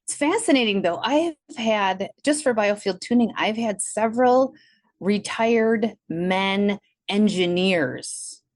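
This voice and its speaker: A woman from Milwaukee with a Wisconsin accent, an energy healer, guests in a casual interview, speaking slowly with lively intonation on a dry recording. She tells her story animatedly, acting out her past thoughts in a higher voice.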